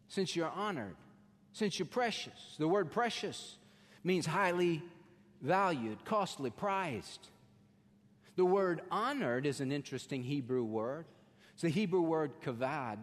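Emphatic preacher in a reverberant hall. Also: male voice, fairly high pitch, animated. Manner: builds to emphatic peaks, then drops soft and slow. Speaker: pastor. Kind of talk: sermon.

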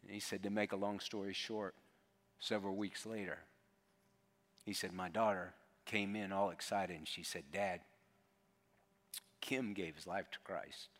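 Low-voiced male preacher in a reverberant hall. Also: steady tone, unhurried, pauses often. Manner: earnest, drops to a hushed tone for quotes. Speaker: pastor. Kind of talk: sermon with storytelling. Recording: long reverb of a large hall.

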